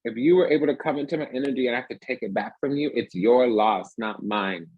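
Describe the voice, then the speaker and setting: A man's voice: medium pitch, quick pace, slightly rough, no echo, narrow, tinny audio. A man giving a rambling, emphatic casual tarot reading, talking restlessly from card to card. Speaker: tarot reader.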